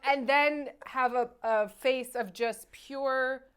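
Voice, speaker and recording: High pitched woman host, animated and exasperated, casual film chat. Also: slow, clear, resonant tone. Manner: animated, exasperated, restarts and trails off. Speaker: podcast host, film reviewer.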